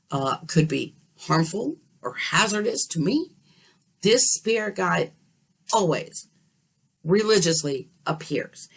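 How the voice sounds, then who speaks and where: A woman telling a story in a casual, animated way, often checking in with her listener. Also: fairly low pitch, breathy edge. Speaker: dream vlogger.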